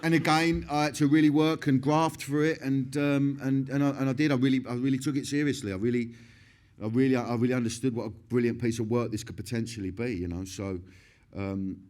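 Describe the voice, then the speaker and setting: A man's voice: medium pitch, steady tone, brisk, darkish tone. A middle-aged man, talking in a candid stage interview, swearing constantly, laughing often and restarting his sentences. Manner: profane, laughing, rambling with many restarts.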